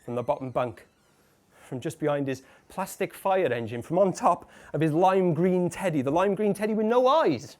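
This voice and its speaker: Actor as a halting, broken husband in a live stage monologue, a bit higher-pitched than most men, drops to murmurs, bursts into shouts. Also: male voice, lively intonation, lightly acted. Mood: haunted. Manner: halting, stammering, repeating broken phrases; swings between hushed murmurs and shouts. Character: tormented man who caught his wife cheating. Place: café bar stage before a live audience.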